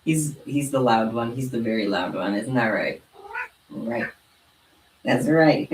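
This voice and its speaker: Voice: medium pitch, expressive, unhurried, pauses often. A young adult craft vlogger chatting casually at home and cooing in baby talk to pet cats. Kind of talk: casual chat while crafting. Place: home room. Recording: roomy sound from a distant mic.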